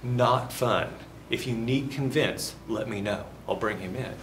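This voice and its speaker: A man teaching a class, throwing questions to the room and slipping in jokes as he explains. His voice sits at an ordinary middle pitch and echoes around the classroom, with faint noise underneath. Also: a little slow. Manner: asks the class questions and jokes between points. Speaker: university instructor. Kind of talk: classroom lecture.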